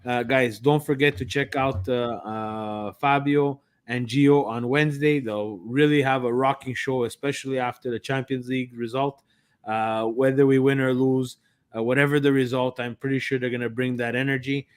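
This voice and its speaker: A man co-hosting a football podcast, talking in an animated, sarcastic, ranting way. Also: mid-range voice, moderate pace, clear, resonant tone. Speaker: podcast co-host. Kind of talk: casual podcast chat.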